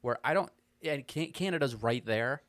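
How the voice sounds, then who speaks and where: A man's voice: medium pitch, lively intonation, normal speed, a bit bright, dry recording. A young American man co-hosting a podcast in easygoing casual chat, swearing now and then. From United States. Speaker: podcast co-host.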